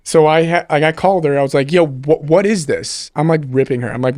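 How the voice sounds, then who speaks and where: A man's voice: on the high side, quick pace, few pauses, darkish tone, no room sound, clean studio sound. A young man, a podcast guest, telling a long story in casual chat, full of fillers and swearing. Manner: rambling storyteller, swears freely, many fillers.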